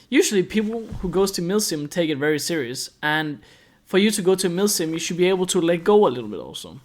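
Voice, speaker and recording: A young man from Denmark, explaining a hobby in a rambling, chatty way with many fillers. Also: high-pitched. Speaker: airsoft YouTuber. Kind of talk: casual explainer vlog.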